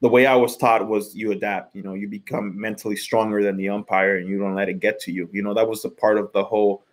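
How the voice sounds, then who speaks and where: Casting: man, thirties, lowish voice, ex-pitcher podcast host, loose rambling delivery. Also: flat delivery, fast. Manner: rambling, repeats words while thinking. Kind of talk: casual sports chat.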